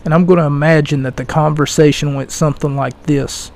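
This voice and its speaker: A young man hosting his own podcast, ranting slowly with mocking scorn and loud bursts of passion. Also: a little high, fairly even intonation, gravelly. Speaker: podcast host. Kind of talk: solo podcast rant.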